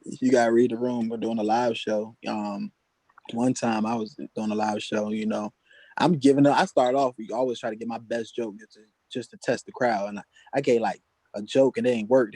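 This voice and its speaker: A man's voice: mid-range voice, a little mellow, no echo, poor audio. A man doing a stand-up set at an open mic, telling stories in loose, casual street slang. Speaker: stand-up comedian. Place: open mic comedy venue.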